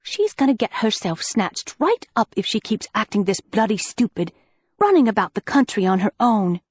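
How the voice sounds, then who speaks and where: A woman's voice: medium pitch, very animated, moderate pace, breathy edge, no room sound. A woman voicing a tough, blunt teenage schoolgirl with a British accent in an audiobook. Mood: angry. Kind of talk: audiobook character voice.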